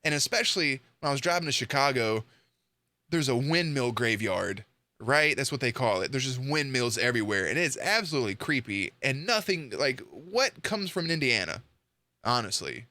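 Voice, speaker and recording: A man's voice: medium pitch, sing-song, moderate pace, sharp tone, no room sound. A young man giving casual, blunt reaction commentary to a video, swearing freely and joking.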